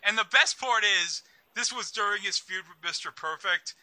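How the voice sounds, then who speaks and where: Male co-host, very bright high voice, dry sound, rambling. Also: moderate pace, no room sound, rough recording. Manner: eager, rambling with fillers. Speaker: wrestling podcast co-host. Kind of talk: casual chat.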